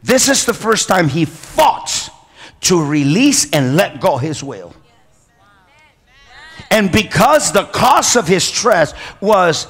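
A male pastor preaching a sermon. He calls for amens and praise and often pauses and restarts with non-native phrasing. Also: sits high, sing-song, a bit bright, breathy edge. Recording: reverberant church hall.

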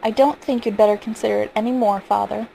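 A woman's voice: mid-range voice, steady tone, quick pace, vocal fry, mellow, slight background noise, close to an everyday voice, rough recording. A woman reading as a cold, defiant boy. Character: sullen, spoiled young boy.

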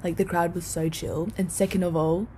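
A young woman telling a story to camera in a chatty, excitable way, swearing casually and saying "like" a lot. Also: lowish voice, moderate pace, breathy edge. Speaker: vlogger.

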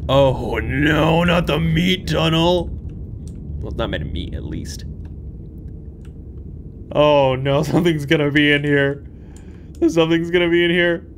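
A young man hosting a horror game playthrough, talking to viewers, jumpy and swinging from hushed muttering to yelps. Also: on the high side, unhurried, long pauses, slight background noise. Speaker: gaming channel host. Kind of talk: horror game let's play commentary. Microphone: desk microphone.

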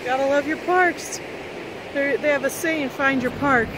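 A woman's voice: sits high, a little slow. A woman from Arizona narrating her RV travel vlog in a casual, enthusiastic, chatty way, talking straight to her viewers. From Arizona, USA. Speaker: RV travel vlogger. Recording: loud vehicle and outdoor noise behind voice.

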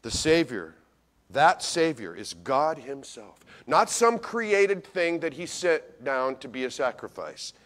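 A man preaching a Christmas sermon as pastor, folksy and animated, talking straight to his congregation and swinging from loud to hushed. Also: a little high, slow. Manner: folksy, addresses congregation directly.

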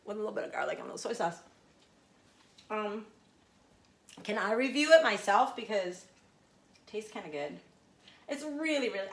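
A woman's voice: mid-range voice, far from the mic. A woman in her thirties chatting casually in her home kitchen while she cooks, rambling and joking at her own expense with lots of fillers. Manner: rambling, self-deprecating, chatty with many fillers. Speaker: home cook vlogger. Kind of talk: casual cooking vlog chat. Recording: echoey kitchen with faint ambience.

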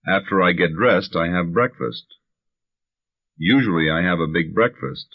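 A man reading English practice phrases deliberately for learners, on a dull lo-fi vintage recording. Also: low-pitched. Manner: deliberate, even drill reading. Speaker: language teacher.

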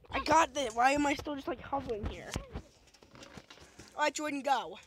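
A young woman chats and jokes through a video game, talking to the enemies and breaking into shrieks in tense moments. Her voice sits a little high. A faint hiss runs under the recording. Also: moderate pace. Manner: goofy, talks to the game, shrieks when in danger. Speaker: gamer. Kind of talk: casual let's play commentary.

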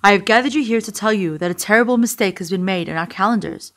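A wise old rabbi speaks with gentle kindness, voiced by a woman reading a storybook aloud. His words are calm and patient, sitting close to her own natural voice. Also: mid-range voice, fast, close to an everyday voice. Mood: earnest. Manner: gentle, kindly.

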